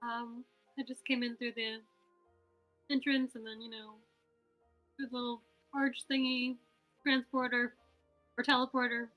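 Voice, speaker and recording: A woman's voice: on the high side, flat delivery, unhurried, long pauses, bright, forceful tone, soft background music, rough recording. Offhand young woman playing a character. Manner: offhand, shrugging, laughs easily. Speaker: player. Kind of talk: casual game play chat.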